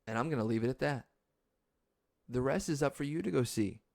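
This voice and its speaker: A man hosting his own podcast, chatting casually and excitably, laughing often and acting out quotes in high voices. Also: a little fast, gravelly. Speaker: podcast host. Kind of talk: casual solo podcast talk.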